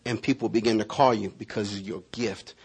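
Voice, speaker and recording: A man preaching a sermon, speaking prophetic words over a congregation member and telling lively stories. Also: fairly low pitch, normal speed, slightly rough. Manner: animated storytelling with prophetic declarations. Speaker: pastor.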